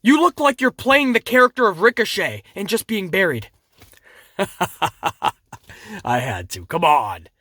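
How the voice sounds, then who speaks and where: A man rants through a wrestling recap, swearing and laughing as he goes. His voice has a bright, forward edge. The sound is dry and close. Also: high voice, moderate pace, hardly any pauses, no room sound. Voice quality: animated, swearing, laughs at his own jokes. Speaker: wrestling show reviewer. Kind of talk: casual profane commentary.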